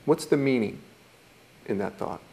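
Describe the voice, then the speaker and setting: A man's voice: medium pitch, lively intonation, a little slow, gravelly, darkish tone. A man teaching a mindfulness course in a thoughtful, reflective way, now and then acting out how people react. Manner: thoughtful, acts out quoted reactions.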